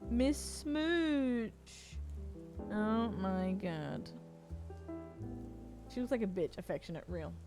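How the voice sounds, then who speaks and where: Slow-talking woman cooing at her stream. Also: mid-range voice, lively intonation, over music. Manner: gushing, cooing over cats, talking to chat. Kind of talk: casual live-stream chat.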